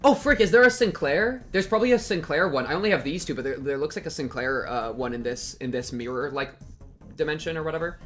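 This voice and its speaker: A young male streamer gives live reaction commentary, excitable and rambling with lots of fillers. His voice is slightly high and bright, with a forceful edge. Faint game music runs underneath. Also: fast.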